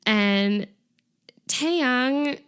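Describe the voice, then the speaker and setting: A woman's voice: high voice, extremely slow, clean tone. A young woman co-hosting a casual podcast, retelling an episode with lots of "like" and laughter. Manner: animated storytelling, frequent "like" and laughter. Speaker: podcast co-host.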